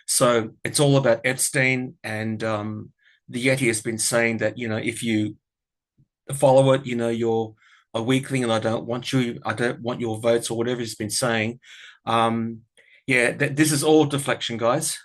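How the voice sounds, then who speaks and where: A man's voice: medium pitch, steady tone, moderate pace. An Australian man chatting casually to camera about politics, rambling and frank. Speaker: tarot and political commentary vlogger.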